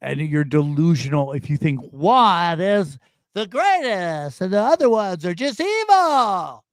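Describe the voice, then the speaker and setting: A man talking casually as a podcast guest, rambling and animated, often calling the listener dude or bro. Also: high-pitched, unhurried, dry recording, studio quality.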